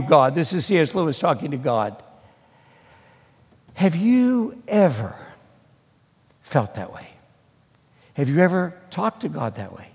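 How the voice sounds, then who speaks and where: An older man preaching a sermon, telling stories dramatically and swinging between loud and hushed delivery. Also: a little high, big pitch swings, unhurried, gravelly, pauses often, breathy edge. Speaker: pastor. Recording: long hall reverb.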